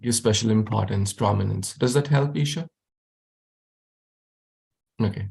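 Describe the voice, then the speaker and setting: A man's voice: lowish voice, unhurried, gravelly, darkish tone. A man teaching a youth class over a video call, encouraging students and repeating his questions.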